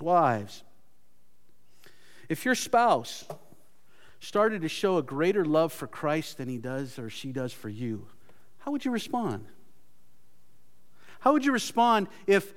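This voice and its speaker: A man preaching a sermon earnestly, his pitch and loudness swinging as he repeats words for emphasis. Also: big-room sound. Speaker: pastor.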